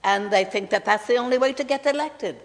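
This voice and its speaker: A woman in her nineties, speaking earnestly and emphatically in an interview, slowly repeating key figures. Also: a little high, big-room sound. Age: 90s. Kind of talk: conversational interview.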